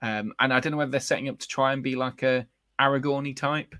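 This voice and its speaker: A man's voice: medium pitch, steady tone, fast talker, over a noisy crowd. A man hosting a casual live chat about a fantasy series, rambling with many fillers and restarts. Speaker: podcast host.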